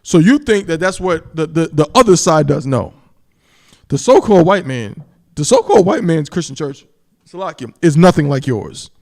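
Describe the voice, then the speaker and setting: A man teaching from the Bible on a live stream, emphatic, repeating "you understand?" and slowing down to stress key words and scripture. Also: fairly high pitch, sing-song, darkish tone. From New York. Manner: reads scripture in a slow, solemn cadence.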